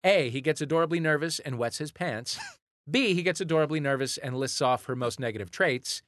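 A man's voice: a little high, animated, a bit bright, dry recording. A man hosting a comedy quiz in a studio, sarcastic and playful. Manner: sarcastic, playful, quick asides. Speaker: quiz host.

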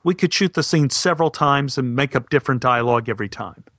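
A man voicing a nervous male film director who talks in quick, eager suggestions. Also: medium pitch, a bit bright, no echo, clean studio sound.

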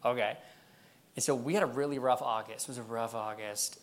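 A man's voice: mid-range voice, moderate pace, long pauses. A man preaching a sermon in a church, telling a personal story in a casual way, with many fillers and frequent laughs. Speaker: pastor.

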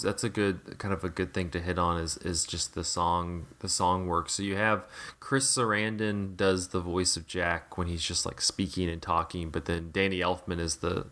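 A man's voice: low-pitched, fairly bright tone. A man in casual podcast chat about a film, rambling with many fillers and restarts.

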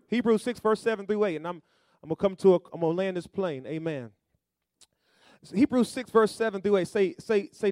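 A male pastor preaching a sermon, calling to the congregation and rising to loud emphatic bursts. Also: high voice, animated, a little fast, no room sound, studio quality.

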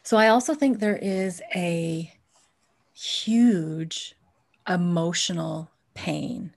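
A woman's voice: lowish voice, extremely slow, vocal fry, darkish tone. A woman co-hosting a podcast, speaking in an earnest, explanatory way in casual conversation. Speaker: podcast co-host. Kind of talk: casual chat.

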